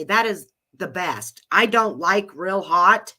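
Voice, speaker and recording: A woman's voice: mid-range voice, animated, slow, pushed and bright. A middle-aged woman with a cold, hosting a live chat with listeners in a rambling, chatty way and laughing often. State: has a cold. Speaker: live audio room host.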